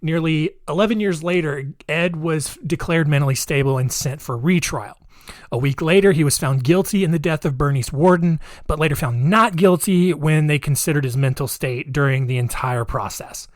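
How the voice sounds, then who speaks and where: A man's voice: on the high side, normal speed, no room sound, studio quality. A male podcast host telling a true-crime story in a chatty, wry way, with frequent fillers and laughs at grim details.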